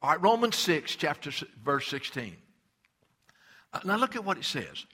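An older man preaching a sermon with fervent emphasis, stammering on restarts and slowing down to press a point. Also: a little high, very animated, bright, forceful tone, breathy edge. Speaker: pastor.

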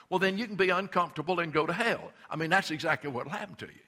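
An older male pastor delivers a fervent sermon. His voice sits a little high and rings bright. He stammers on restarts and leans hard into the words he wants to land. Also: very fast.

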